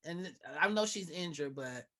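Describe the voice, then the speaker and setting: A woman's voice: lowish voice, lively intonation, bright, forceful tone. Laid-back woman talking sports. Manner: casual, laughs often, drawn-out emphasis. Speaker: podcast co-host. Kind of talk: casual sports chat.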